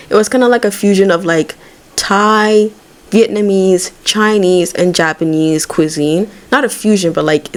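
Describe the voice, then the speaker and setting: A woman giving casual, rambling let's-play commentary as she plays, swearing freely and talking to her game characters. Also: fairly low pitch. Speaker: gaming video creator.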